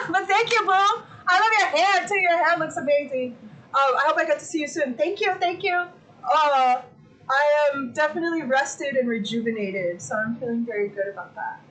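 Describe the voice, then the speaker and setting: A woman hosts a casual livestream from her home, chatting to her viewers in a loose, excitable way. She swears freely. Her voice sits high and sounds bright and forward. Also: moderate pace, poor audio. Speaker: livestream host.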